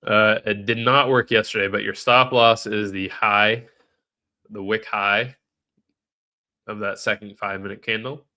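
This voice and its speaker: A man's voice: fairly low pitch, bright, forceful tone. Man with a stuffy nasal voice. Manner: thinks aloud, answers chat questions offhandedly. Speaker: live trading streamer. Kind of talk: casual live-stream commentary.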